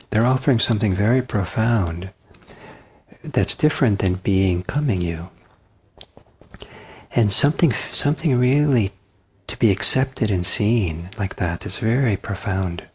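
A man giving a dharma talk as a meditation teacher, soft-spoken and halting, with many pauses and restarts. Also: on the low side, husky.

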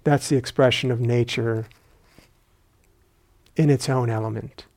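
Gravelly-voiced man giving a meditation talk. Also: mid-range voice, steady tone. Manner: reflective, unhurried, gently humorous. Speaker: meditation teacher. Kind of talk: dharma talk. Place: meditation retreat center hall.

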